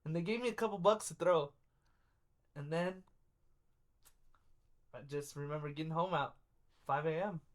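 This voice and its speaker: A man's voice: on the high side, moderate pace, pauses often. A young man co-hosting a casual podcast, telling a story with lots of laughter and quoting his friends in their voices. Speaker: podcast co-host. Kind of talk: casual chat.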